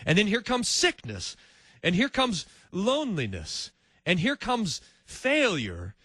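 A male preacher giving a sermon in animated storytelling style, acting out each voice. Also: high voice, slow, slightly rough, dry recording.

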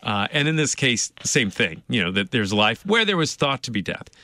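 Male co-host, animated intonation and bright tone, thinks aloud with lots of "you know". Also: medium pitch, normal speed, dry recording. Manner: lively, many restarts and "you know". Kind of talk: casual Bible discussion.

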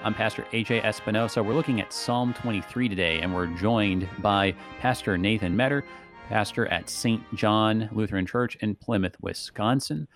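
Deep-voiced pastor hosting a radio show. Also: male voice, normal speed, faint music behind. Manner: conversational, frequent "right?" tags. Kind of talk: casual theological discussion.

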